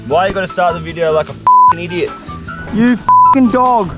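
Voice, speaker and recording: A man talks to camera on a remote beach in a high voice that swings up and down. He is excitable, laughs a lot and curses at himself, with music under him. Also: normal speed. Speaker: survival and fishing vlogger. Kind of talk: casual talk to camera outdoors. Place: outdoors on a remote island beach.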